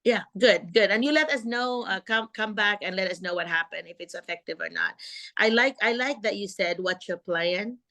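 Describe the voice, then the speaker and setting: A middle-aged woman hosts a video call and gives calm, encouraging advice to teachers. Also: mid-range voice, fairly quick. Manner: calm, encouraging, acts out classroom talk. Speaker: host and teacher coach.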